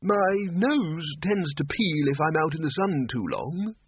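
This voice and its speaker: A man voicing a polite, very old male undead wizard, gentle and a little apologetic. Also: fairly high pitch, animated, a little slow, slightly rough, dry recording, voice pushed up, full character voice. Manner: gentle and helpful, slightly apologetic. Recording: tinny phone-like, dry audio.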